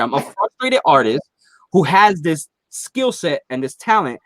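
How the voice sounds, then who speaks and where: Podcast guest, male, animated swearing storyteller; fairly high, lively voice, dry mic. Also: normal speed, no echo. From Philadelphia area. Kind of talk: casual chat.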